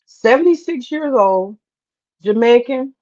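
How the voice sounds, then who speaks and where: A woman talking casually on a livestream, drawling and animated as she tells a story, with asides to herself. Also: on the high side, a little slow, muffled recording. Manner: animated, drawling, swears casually, mutters to herself while cooking. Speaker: host.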